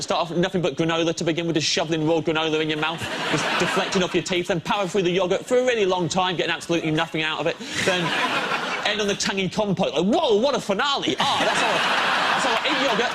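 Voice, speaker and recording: A man doing deadpan stand-up comedy on a TV panel show, with a wry delivery. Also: high-pitched, fast, heavy background noise. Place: TV studio with live audience. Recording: loud studio audience laughter.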